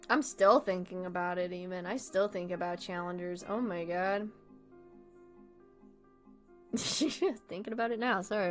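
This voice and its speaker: A young woman chatting casually about movies on a stream, excitable, laughing often and swearing freely. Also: medium pitch.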